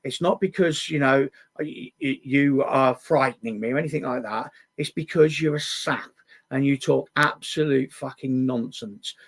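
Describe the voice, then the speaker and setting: A man's voice: mid-range voice, normal speed, slightly rough. Blunt stammering male stream host. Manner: blunt, stammering restarts, swears. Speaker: livestream host. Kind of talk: casual live chat.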